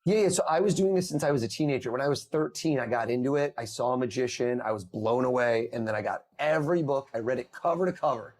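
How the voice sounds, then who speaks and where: A man on a podcast interview, telling lively stories and acting out the people he quotes. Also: mid-range voice, fast, hardly any pauses. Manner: animated storyteller, acts out quoted voices. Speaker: podcast guest, mentalist. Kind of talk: conversational storytelling. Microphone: remote call.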